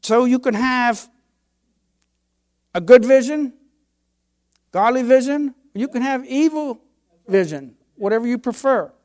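A man's voice: extremely high pitch, animated, unhurried, long pauses, darkish tone. An older man, a pastor, preaching a sermon with emphatic, folksy delivery and homespun stories.

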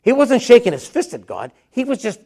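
A man's voice: very high-pitched, wildly swooping pitch, fairly quick, vocal fry, mellow. A man preaching a conversational sermon, reading scripture aloud and then retelling it in his own words.

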